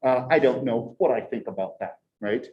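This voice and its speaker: A man in his forties, a college professor, telling a story to his class in a chatty, animated way and tagging nearly every sentence with a rhetorical question. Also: medium pitch, moderate pace, lo-fi sound. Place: lecture classroom. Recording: echoey classroom recording.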